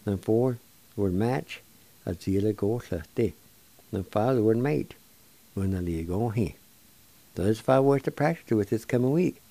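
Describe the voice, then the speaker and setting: An older man teaching words of his language on a radio show, slowly spelling and pronouncing each syllable with patient encouragement. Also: on the low side, expressive, mellow. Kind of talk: slow spelling and pronunciation lesson.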